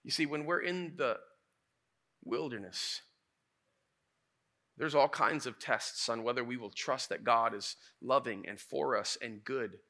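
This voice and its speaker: A man preaching a sermon as a pastor, telling stories in a lively, casual way. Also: medium pitch, a little slow, pauses often. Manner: animated, casual storytelling preacher.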